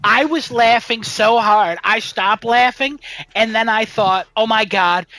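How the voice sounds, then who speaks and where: A man co-hosting a podcast in casual chat, excitable and swearing freely. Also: high voice, slow, rough recording. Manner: excitable and profane. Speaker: podcast co-host.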